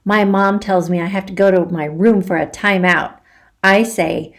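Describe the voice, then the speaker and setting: A teacher reading a children's chapter book aloud in an expressive storytelling manner. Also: female voice, medium pitch, moderate pace, gravelly.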